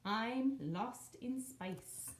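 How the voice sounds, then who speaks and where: A woman voicing an excitable boy kitten who thinks he is a chihuahua, high and bouncy with lots of exclaiming. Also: drawn-out words. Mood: excited.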